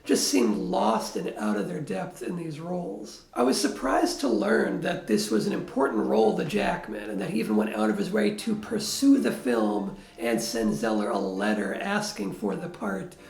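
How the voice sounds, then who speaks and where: A man's voice: high voice, sing-song, normal speed, gravelly, hardly any pauses, a little mellow, reverberant. A man giving a blunt, wry film review in a critical tone.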